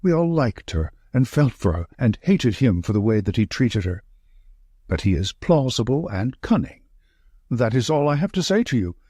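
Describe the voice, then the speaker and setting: A man's voice: mid-range voice, big pitch swings, normal speed, dark tone, breathy edge, no echo, clean studio sound. A man reading the part of a thin, nervous male estate manager in an audiobook, gasping out short sentences. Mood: agitated.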